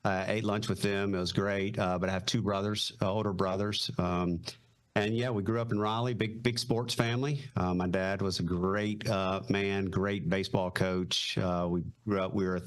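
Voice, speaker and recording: A middle-aged man with a Southern drawl from North Carolina. His voice sits fairly low, and he tells stories in an easygoing, rambling way full of fillers. He sounds like a guest chatting on a podcast over a video call. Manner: easygoing, many fillers, retells quotes. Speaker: podcast guest, retired Marine helicopter pilot. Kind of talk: casual storytelling interview.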